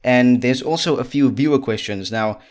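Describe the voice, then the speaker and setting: A male podcast host in casual conversation, mid-pitched and easygoing, breaking into laughs and quick asides. He talks from a room lit by big studio lights. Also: darkish tone. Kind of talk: casual interview chat.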